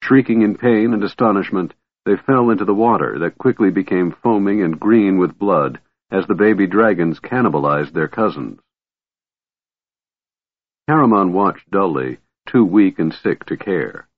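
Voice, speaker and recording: A male narrator reads a fantasy story in a measured, dramatic way. His voice is deep and husky. The recording is dry and narrow, like a phone line. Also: lively intonation, no room sound. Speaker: audiobook narrator. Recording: tinny phone-like audio.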